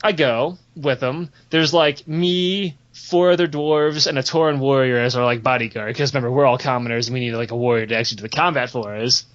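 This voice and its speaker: A man's voice: mid-range voice, steady tone, fairly quick, few pauses. A young man telling a long, profane gaming story in casual podcast chat, rambling and giggling as he goes. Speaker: podcast host. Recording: dull lo-fi podcast audio.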